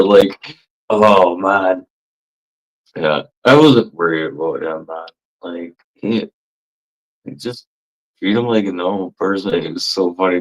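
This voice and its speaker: A man's voice: low-pitched, rough recording. A man telling rambling, profane stories in a casual monologue, laughing as he goes. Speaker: livestream chatter.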